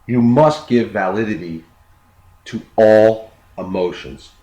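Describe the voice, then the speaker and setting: A man's voice: fairly low pitch, takes it slowly, dark tone, muffled recording. A man giving an unscripted self-improvement talk, earnest, often repeating words as he explains. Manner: earnest, repeats words, acts out quoted dialogue. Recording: echoey room with faint noise.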